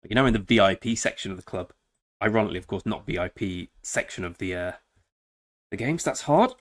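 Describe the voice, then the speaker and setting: A man's voice: fairly low pitch, animated, fairly quick. Chatty man streaming a game. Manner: chatty, joking, talks to chat. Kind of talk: casual live-stream chat.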